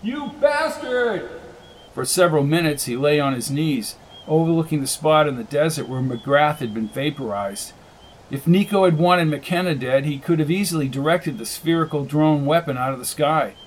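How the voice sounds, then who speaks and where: A man with a slightly raised pitch reads a science fiction novel aloud in steady, measured narration. A faint hiss sits under his voice throughout. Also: low-quality recording. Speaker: audiobook narrator. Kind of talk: scripted narration.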